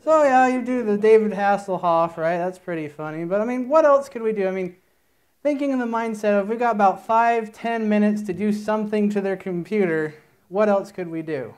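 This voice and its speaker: A man's voice: high voice, brisk, darkish tone, smooth. A man giving a conference talk, telling a long, rambling joke story in a playful way before starting his presentation. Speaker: conference speaker. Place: conference room.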